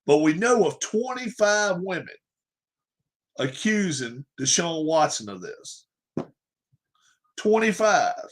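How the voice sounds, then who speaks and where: On a sports livestream, a male host with a fairly high voice rants emphatically, his pitch swinging widely. He speaks slowly with frequent pauses, hammering the same points again and again and throwing out rhetorical questions.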